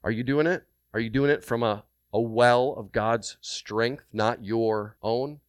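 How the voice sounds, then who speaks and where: A man's voice: mid-range voice, a little slow, smooth, dry recording. Brief: male pastor, resonant voice, dry close sound, emphatic sermon delivery. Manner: animated, emphatic preaching with repeated phrases and rhetorical questions.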